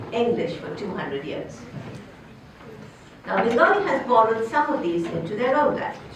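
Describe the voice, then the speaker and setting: Older woman lecturing in echoey hall. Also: slight background noise. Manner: explanatory, poses questions to the audience, lively pitch. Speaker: linguistics professor giving a lecture. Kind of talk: academic lecture with slides. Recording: echoey hall, distant from the mic.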